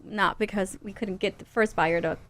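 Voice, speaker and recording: A woman's voice: mid-range voice, moderate pace, a little hiss or hum. A woman realtor talking casually and laughingly on a radio show about deals. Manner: lively, laughing, quotes herself.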